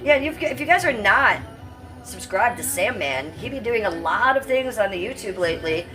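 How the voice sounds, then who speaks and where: Over background music, a fifty-something woman runs a casual livestream, her medium-pitched voice expressive and moderately paced. She rambles brashly and swears while reading comments from the chat.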